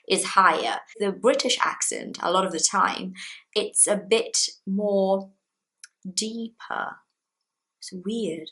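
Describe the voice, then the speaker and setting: Animated woman teaching English. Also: poor audio. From Brazil. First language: Portuguese. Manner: chatty, animated emphasis with pitch jumps. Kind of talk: casual video lesson to camera.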